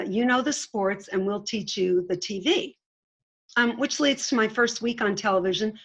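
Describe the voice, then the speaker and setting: A woman telling lively, self-mocking stories as an interview guest over a video call. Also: mid-range voice, vocal fry, low-quality recording. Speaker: guest, veteran sports broadcaster.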